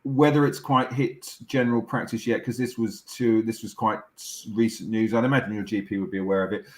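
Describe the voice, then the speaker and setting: A middle-aged man, a doctor explaining things in a measured, reassuring way with frequent restarts. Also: lowish voice, fairly even intonation. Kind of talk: explaining as an interview guest. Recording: echoey room sound.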